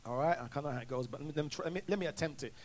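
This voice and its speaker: A man's voice: fairly high pitch, rapid-fire. A male preacher delivering a sermon, calling for responses and often restarting his sentences. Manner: call-and-response, stammering restarts.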